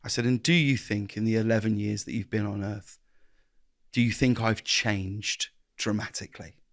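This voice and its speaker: A man's voice: lowish voice, steady tone, normal speed, no echo, studio quality. A man, a guest speaking earnestly in an interview, often restarting his sentences and acting out little exchanges of dialogue. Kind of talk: reflective interview conversation.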